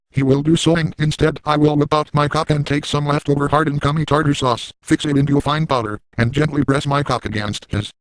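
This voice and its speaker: A man's voice: fairly high pitch, no echo, lightly acted, low-quality recording. A man voicing a sleazy, boastful middle-aged cartoon dad, narrating a crude story in the first person.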